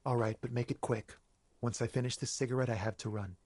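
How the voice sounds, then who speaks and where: An actor doing a quiet, nervous young man. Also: steady tone, quick pace, dry recording, studio quality, natural voice. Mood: evasive. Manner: quiet, lowered voice, evasive.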